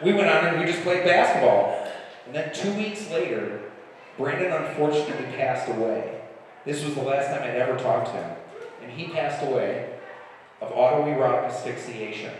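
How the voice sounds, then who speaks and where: A man's voice: mid-range voice, moderate pace, distant mic, background noise. Man doing stand-up in an echoey hall. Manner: rambling, irreverent storytelling. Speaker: stand-up comedian. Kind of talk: stand-up comedy set. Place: live comedy club stage. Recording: echoey hall, room mic from afar.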